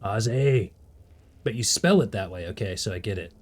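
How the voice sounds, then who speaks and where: A man's voice: deep voice, big pitch swings, quick pace, breathy edge. A man, casually commenting while he plays a game, playful and rambling and laughing at himself. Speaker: game streamer.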